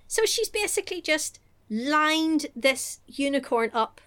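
Animated sweary woman. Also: high-pitched, slow pace. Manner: animated, sweary, acts out characters in exaggerated voices. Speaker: podcast co-host recapping a film. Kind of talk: casual comedic chat.

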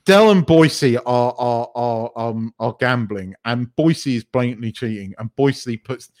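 Animated British man telling stories. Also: medium pitch, unhurried. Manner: animated storyteller, swears casually. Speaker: podcast co-host. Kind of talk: casual chat.

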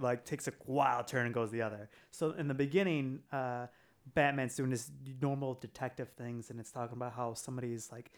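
Rambling casual man retelling a story. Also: medium pitch. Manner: rambling, many fillers like "like" and "uh". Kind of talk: casual chat, retelling a comic plot.

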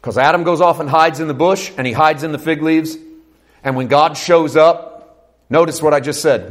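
A man preaching a sermon, animated and swinging from loud, urgent passages to hushed ones, acting out quoted voices and putting questions to the congregation. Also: a little high.

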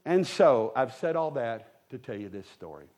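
A man preaching a sermon to a live congregation, a humorous storyteller who turns to the crowd with quick asides. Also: mid-range voice, sing-song, a little mellow. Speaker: pastor. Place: church sanctuary with a live congregation.

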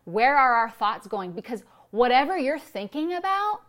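Bright-voiced woman pastor preaching. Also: sits high, sing-song, moderate pace. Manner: emphatic, repetitive preaching with rhetorical questions. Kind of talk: sermon.

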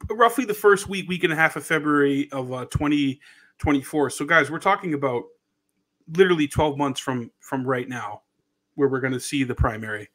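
A man's voice: on the high side, moderate pace, fairly bright tone. A man co-hosting a podcast, talking loosely about politics with many restarts. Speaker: podcast co-host. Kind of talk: casual political chat.

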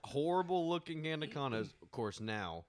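A man's voice: a little high, moderate pace, a crowd in the background. A middle-aged man chatting casually about a film with friends, acting out scenes and laughing often. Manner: animated, acts out scenes with laughs. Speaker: podcast co-host. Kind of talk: casual movie review chat.

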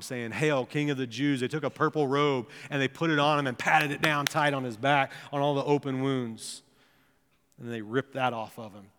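Male pastor, sermon delivery, bright clear voice, long hall reverb, casual storytelling that goes grave. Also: a little high. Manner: conversational storytelling, then grave and hushed.

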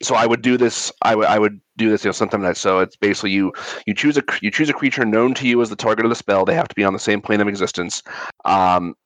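Low-voiced man rambling through game rules. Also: fast, a bit bright, dry recording, poor audio. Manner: rambling, many restarts and filler words. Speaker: player in a tabletop game. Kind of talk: casual explanation of game rules.

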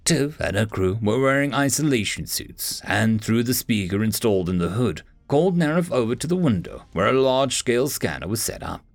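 A man's voice: medium pitch, sing-song, brisk, gravelly, hardly any pauses, no room sound. A man narrating a story as an audiobook reader, lifting his voice a little for the characters' lines.

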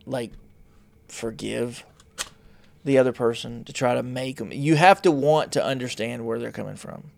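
Gravelly man rambling in a blunt monologue. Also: medium pitch, moderate pace, no room sound. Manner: rambling, blunt, self-mocking. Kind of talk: casual monologue.

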